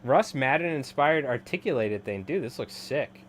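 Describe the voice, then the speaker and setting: A man's voice: mid-range voice, expressive, normal speed, a little hiss or hum. A man in his thirties chatting casually on a live stream while tying flies, rambling and laughing often. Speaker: live-streaming fly tyer.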